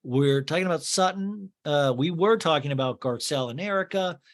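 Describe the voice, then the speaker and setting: A podcast host with a fairly high voice talks fairly quickly as he recaps a reality TV episode. His comedic commentary is sarcastic and exasperated.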